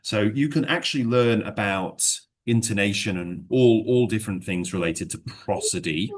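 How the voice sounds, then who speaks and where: A slight hiss or hum sits under this man's lowish voice, which moves at a moderate pace. He teaches English to one student in a casual chat, rambling and hedging with many fillers, then explains through worked examples.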